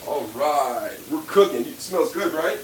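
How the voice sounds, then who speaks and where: A man's voice: a little high, animated, unhurried, slight background noise. A man hosting a casual cooking demonstration, talking to viewers as he works in a mock-serious way and repeating a catchphrase. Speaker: cooking channel host.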